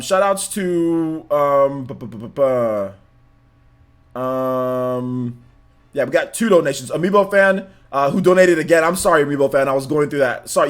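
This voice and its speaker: A young man hosting a casual live stream, rambling loosely and rattling off quick shout-outs to viewers. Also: mid-range voice.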